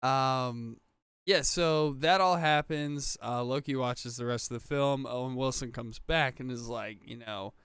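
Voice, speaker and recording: A man's voice: medium pitch, measured pace, a bit bright, clear, resonant tone, dry recording. A man casually recapping a TV episode on a podcast, rambling with fillers and acting out quoted lines. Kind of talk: casual chat.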